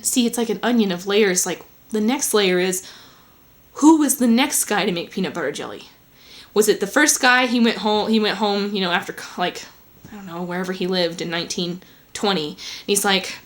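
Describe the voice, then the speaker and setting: A woman's voice: mid-range voice, lively intonation, moderate pace. A woman talking casually and rambling in a home vlog, full of fillers and asides. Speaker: vlogger.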